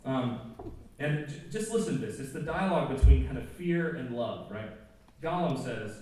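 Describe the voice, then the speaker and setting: A man speaks in a casual, joking way to a school audience, full of asides. His voice is mellow and dark. It booms around a big echoey auditorium, caught from a distance with faint noise underneath. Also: animated, a little fast. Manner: conversational and joking, with many asides. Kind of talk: informal chapel talk.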